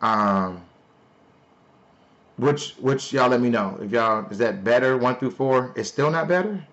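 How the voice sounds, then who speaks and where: Loud playful man hosting a live stream. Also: medium pitch, measured pace, lo-fi sound. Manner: loud, playful, talks to chat. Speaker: livestream host. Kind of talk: casual live stream pitch.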